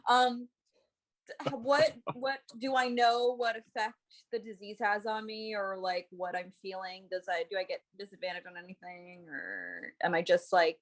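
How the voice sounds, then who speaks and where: A woman's voice: mid-range voice, moderate pace. A woman with an Irish accent, playing a tabletop game in a chatty, questioning way. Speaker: player. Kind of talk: casual tabletop play.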